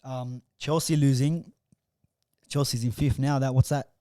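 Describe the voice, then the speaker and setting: A man, co-hosting a casual football chat, who gets animated in bursts and trails off mid-sentence. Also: mid-range voice, a little slow, no echo, clean studio sound. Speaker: podcast co-host.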